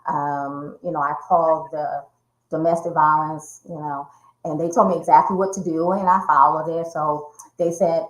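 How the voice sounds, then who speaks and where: Speaking in a deep, steady voice at a moderate pace, a woman guest shares a personal story in an interview. She is a domestic violence survivor and speaker who acts out the quoted voices vividly, and the audio has a roomy echo.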